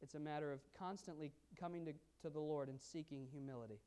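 A woman's voice: low voice, fast talker, mellow, clear, resonant tone. A woman teaching a Bible study class, earnest and emphatic, speaking to her class. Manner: earnest, emphatic, pleading in quoted prayers.

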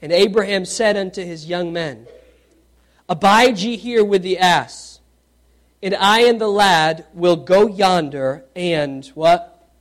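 A man preaching a sermon, reading scripture aloud and questioning his congregation, swinging from loud animated questions to hushed emphasis. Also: high voice, slow pace.

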